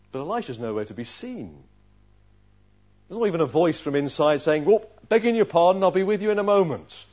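A man's voice: mid-range voice, darkish tone, husky. A man preaching a sermon who tells the story expressively and acts out the characters' voices. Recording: dull lo-fi recording.

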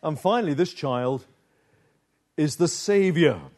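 A man preaching a sermon with a slow, dramatic delivery, pausing often and dropping low and soft for emphasis. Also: expressive.

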